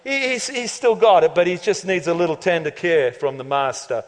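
A man preaching a lively, joking sermon as pastor of a church, laughing often and building to loud climaxes. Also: sits high, normal speed. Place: church auditorium. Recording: long reverb of a large hall.

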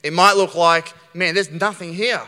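A man preaching a lively sermon, acting out Bible scenes and restarting his sentences as he goes. His voice is bright and clear, and it rings out with the long reverb of a big church hall. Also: high voice, moderate pace. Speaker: pastor.

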